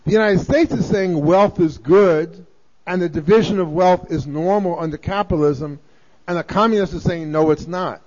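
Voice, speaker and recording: A man with a notably high voice delivers a storytelling lecture, rattling quickly through lists of contrasts. The recording is dull and lo-fi, played over the radio. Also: a little mellow. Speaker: speaker giving a political talk.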